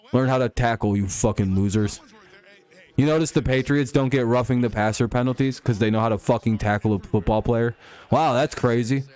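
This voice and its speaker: A man's voice: mid-range voice, darkish tone. Young male streamer, loose and profane, mocks and rants while chatting with his viewers. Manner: profane, ranting, mocking. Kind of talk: live game watch-along chat.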